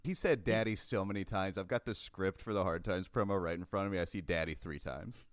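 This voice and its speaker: A man's voice: deep voice, fairly quick, no echo. A man co-hosting a podcast, playful and mock-apologetic. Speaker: podcast co-host. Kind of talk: casual podcast chat.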